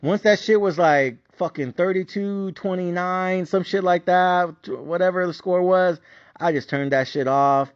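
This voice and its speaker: A man hosting a sports betting podcast, ranting in a swearing, repetitive and animated way. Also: high voice, measured pace, clear, resonant tone, no room sound. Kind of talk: profane ranting monologue. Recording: dry, dull lo-fi sound.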